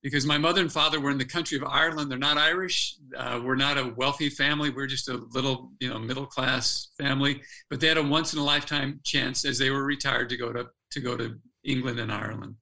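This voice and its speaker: A man's voice: mid-range voice, fairly even intonation, fast talker, vocal fry, hardly any pauses, bright, forceful tone, low-quality recording. An older man, a former athlete turned speaker, earnestly telling a personal story as a podcast guest, restarting his phrases as he goes.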